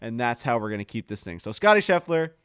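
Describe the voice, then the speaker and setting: A man's voice: mid-range voice, sing-song, fast talker, fairly bright tone, clean tone, no echo, studio quality. A man co-hosting a podcast, telling stories in a rambling, profane, casual way. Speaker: podcast co-host. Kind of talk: casual chat.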